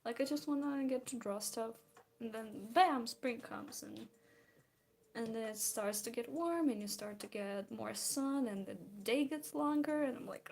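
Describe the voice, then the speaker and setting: A woman's voice: a little high, unhurried, creaky, darkish tone. A tired young woman from Belarus, rambling and giggling as she chats casually while drawing. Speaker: streamer.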